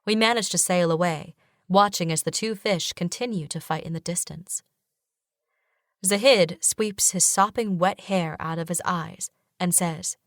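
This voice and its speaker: A woman reading a first-person fantasy audiobook in a steady narration style. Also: fairly low pitch, normal speed, dry recording, clean studio sound.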